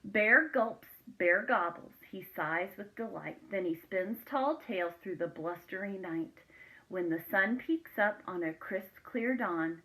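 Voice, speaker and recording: A woman reading a children's picture book aloud, expressive and asking her listeners questions. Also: medium pitch, unhurried, slight background noise, poor audio.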